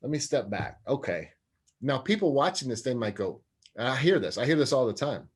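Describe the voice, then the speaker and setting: A man's voice: medium pitch, big pitch swings, fairly quick, slightly rough. A man speaking as an interview guest, an anger management specialist and sports psychologist, talking earnestly and acting out quoted voices. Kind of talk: interview conversation.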